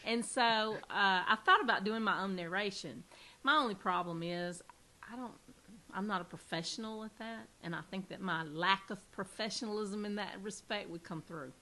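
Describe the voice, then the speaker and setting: Southern woman, podcast host, bright tone, chatty with restarts. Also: medium pitch, moderate pace. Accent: Southern American. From American South. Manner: chatty, with frequent restarts and fillers. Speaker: podcast host and mystery author. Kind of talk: casual interview chat.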